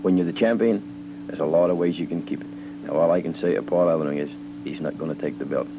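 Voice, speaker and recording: A man wrestler talking forcefully in a TV promo. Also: sits low, quick pace, noisy background.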